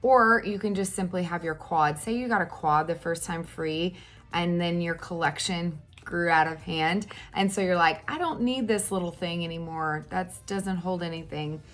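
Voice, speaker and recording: A woman in her thirties chatting casually through a makeup tutorial at home, animated, with fillers and exclamations. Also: lowish voice, normal speed. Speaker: makeup vlogger.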